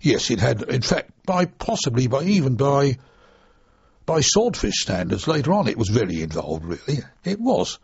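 Gravelly, husky older man. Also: medium pitch, sing-song, moderate pace, a little mellow, dry recording. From United Kingdom. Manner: chatty, rambling, chuckling asides. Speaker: interviewee, former RAF trainee pilot. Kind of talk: reminiscing oral history interview. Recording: dull lo-fi dry recording.

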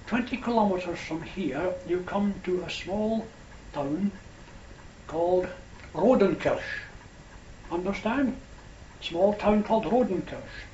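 A patient German policeman spells out the way step by step, pausing to ask if he is understood, as an older Scottish storyteller puts him on. The voice sits a little high, on a dull, roomy old recording with faint hiss. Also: a little mellow. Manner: patient, explaining slowly with checks like "understand?". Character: helpful German policeman giving directions.

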